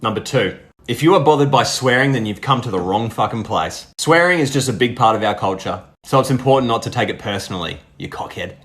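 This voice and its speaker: A man's voice: medium pitch, animated, fast talker, fairly bright tone. Australian man, comic list-style narrator, profane and easygoing, medium voice. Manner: blunt, heavy swearing, laid-back. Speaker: short-video creator.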